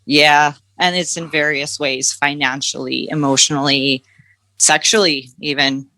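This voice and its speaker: A woman's voice: low voice, steady tone, a little slow, pushed and bright, dry recording. A Canadian woman in her thirties, a podcast guest, talking candidly and rambling over a remote call. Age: 30s. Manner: candid, rambling, laughs nervously. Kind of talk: casual chat. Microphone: headphones on remote call.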